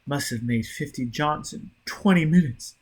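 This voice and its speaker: A man reading an audiobook, voicing a frantic, panicked young male messenger who shouts and gasps out short phrases. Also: on the high side, normal speed, husky. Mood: out of breath.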